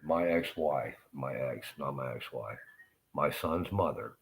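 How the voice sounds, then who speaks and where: A man with an extremely low, deep voice delivers a rambling, profane and agitated rant. He is middle-aged and in pain, and his talk swings between bitter muttering and shouted curses. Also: measured pace, a little hiss or hum. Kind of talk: angry ranting monologue.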